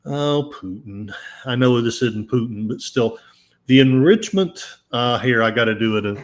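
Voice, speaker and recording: Slow-talking sarcastic male podcast host. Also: mid-range voice, expressive. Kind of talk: casual commentary while reading news aloud.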